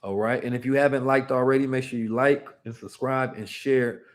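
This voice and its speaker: A man's voice: mid-range voice, steady tone, fairly quick. A man hosting a casual finance livestream, reading the chat and often tagging his points with "right?" and "you understand me?". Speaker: livestream host teaching finance.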